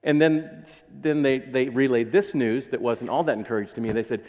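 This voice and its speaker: A man's voice: medium pitch, lively intonation, moderate pace, darkish tone, long reverb tail, dull audio. A man with an American accent preaching a sermon in a casual, joking way, acting out little voices. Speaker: pastor. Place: church sanctuary.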